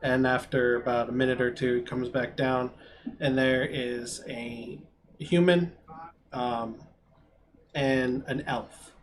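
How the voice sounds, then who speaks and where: A man narrating a tabletop game as game master, rambling with many pauses. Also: mid-range voice, steady tone, slight background noise. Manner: rambling, filler-heavy narration.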